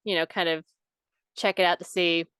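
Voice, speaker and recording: A woman's voice: fairly low pitch, flat delivery, normal speed, a bit bright, clear, resonant tone, no echo. A young adult woman co-hosting a podcast in casual chat, swearing freely and saying "like" a lot. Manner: chatty, swears freely, lots of "like". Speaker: podcast co-host.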